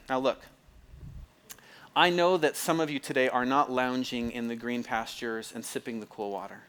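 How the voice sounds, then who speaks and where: A man's voice: mid-range voice, fairly even intonation, normal speed, a bit bright, a little hiss or hum. Male pastor, mid-range voice, talky sermon style, stumbles and restarts, checks in with the crowd. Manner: conversational, repeats phrases, asks the audience if it makes sense; restarts and stumbles often, fills with "like".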